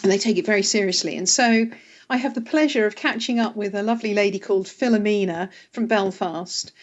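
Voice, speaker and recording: A woman's voice: medium pitch, brisk, muffled recording. A woman from Northern Ireland, a planning director, chatting casually as a podcast guest. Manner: chatty, warm laughs, fillers.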